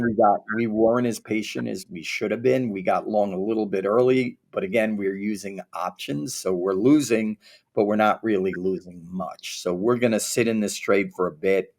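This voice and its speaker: A man co-hosting a trading show, talking markets in a candid, rambling way with many fillers and some teasing. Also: on the low side. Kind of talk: casual market chat.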